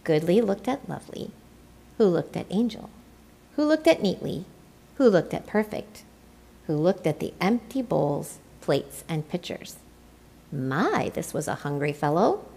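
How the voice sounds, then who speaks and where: A woman reading a children's picture book aloud in an expressive, playful way. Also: lowish voice, measured pace, gravelly, breathy edge. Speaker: storyteller. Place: church.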